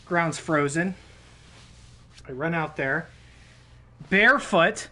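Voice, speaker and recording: A man's voice: fairly high pitch, slow, bright, forceful tone. A man streaming a video game, telling a rambling, profane story in casual live-stream chat.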